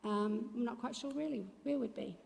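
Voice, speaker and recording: A woman's voice: fairly high pitch, normal speed, vocal fry, a little mellow. A middle-aged woman sharing a heartfelt, chatty testimony from a church stage. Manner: chatty, heartfelt storytelling with fillers. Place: church auditorium. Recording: long reverb of a church hall.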